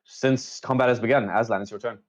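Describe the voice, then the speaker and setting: A man's voice: mid-range voice, steady tone, a little fast, lo-fi sound. A man acting as dungeon master in a casual tabletop game, checking rules aloud as he goes.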